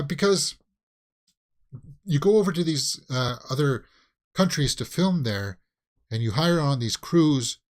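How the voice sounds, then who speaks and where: A man hosting a casual live movie news stream, talking loosely with many fillers and restarts and breaking into exclamations. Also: mid-range voice. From Canada. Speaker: host of a movie news channel.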